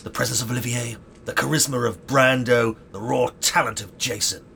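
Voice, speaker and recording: A man's voice: medium pitch, fairly even intonation, moderate pace, gravelly, sharp tone, slight background noise. An actor playing a pompous, foul-mouthed, combative man who thinks himself a great talent, speaking in theatrical outbursts. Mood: indignant bluster. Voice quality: theatrical, grandiose, sweary outbursts. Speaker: would-be actor in a sitcom. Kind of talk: sitcom acting.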